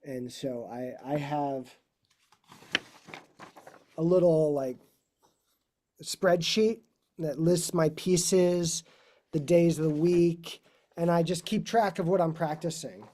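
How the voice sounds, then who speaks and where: A man's voice: a little high, steady tone, takes it slowly, long pauses, dark tone. A middle-aged man, a classical guitarist, talking casually about his career with rambling asides and self-corrections. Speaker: guest speaker, classical guitarist.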